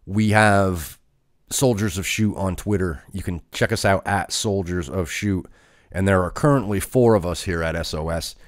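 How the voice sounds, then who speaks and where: Low-voiced man reviewing wrestling, dry sound. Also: moderate pace, no room sound. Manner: conversational, with frequent fillers. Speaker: podcast host. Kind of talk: casual solo wrestling review.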